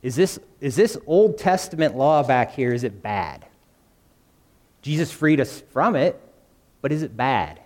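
A man's voice: mid-range voice, sing-song, unhurried, a little mellow. Man preaching in a reverberant church. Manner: conversational, asks the congregation questions. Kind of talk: sermon.

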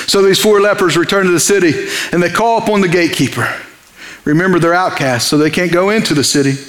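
A man preaches, his voice sitting high for a man. He reads scripture and breaks into acted lines for the people in the story, rising and dropping as he goes. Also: quick pace, reverberant. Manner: animated, dramatizes scripture with character voices. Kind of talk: sermon.

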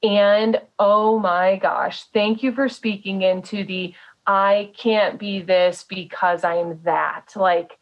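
A woman's voice: medium pitch, steady tone, slow pace, muffled recording. A woman hosting a casual podcast interview, effusive and affirming toward her guest, with lots of fillers. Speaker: podcast host.

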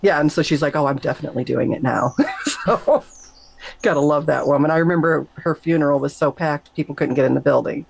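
A middle-aged woman, a nurse, telling an emotional personal story in an interview, animated and emphatic, her voice leaping up whenever she quotes herself. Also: a little fast, gravelly, low-quality recording. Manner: animated, emphatic, jumps high when quoting herself. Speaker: guest, nurse.

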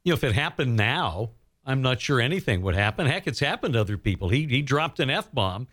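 A man's voice: medium pitch, very animated, a little fast, a bit bright. A man radio host, conversational and easygoing, interviewing a guest in a studio.

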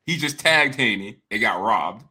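Co-host type: a man with a sharp bright voice who teases and pushes wild takes. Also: lowish voice, expressive, moderate pace, husky. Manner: playful, argues conspiracy theories with mock conviction. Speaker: podcast co-host. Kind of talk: casual sports chat.

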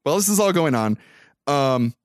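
A man's voice: fairly high pitch, moderate pace, no echo, clean studio sound. A man hosting a podcast, swearing freely as he animatedly recaps a movie plot. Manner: profane, animated storytelling. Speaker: podcast host.

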